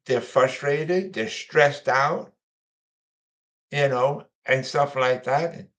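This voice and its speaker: Slow, rambling male host. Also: medium pitch, fairly bright tone. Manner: rambling, repetitive, frequent fillers; mocking whiny voices when quoting others. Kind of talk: casual monologue.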